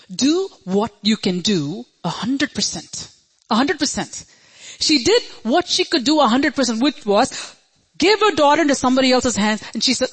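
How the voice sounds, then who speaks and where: Brief: woman preacher with a fairly high voice, emphatic sermon delivery that drives points home by repetition. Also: sing-song, unhurried, breathy edge, rough recording. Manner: emphatic, repeats key phrases, questions the congregation.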